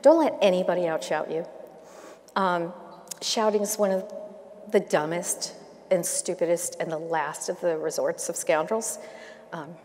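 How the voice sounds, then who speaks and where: A woman's voice: fairly low pitch, measured pace, pauses often, a little mellow. Candid woman speaker in a reverberant hall. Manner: candid storytelling with laughs and asides. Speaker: keynote speaker. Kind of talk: conference keynote and Q&A. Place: large domed hall.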